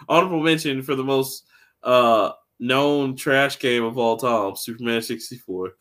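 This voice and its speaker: A young man co-hosting a casual gaming podcast chat, excitable and animated, laughing often as he talks. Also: mid-range voice, a little slow. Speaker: podcast co-host.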